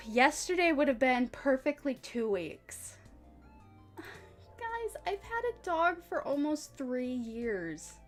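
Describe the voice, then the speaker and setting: Bubbly young woman streamer, lively voice. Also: high-pitched. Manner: bubbly, rambling, giggly, swings loud and soft. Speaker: VTuber streamer. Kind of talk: casual live-stream chat.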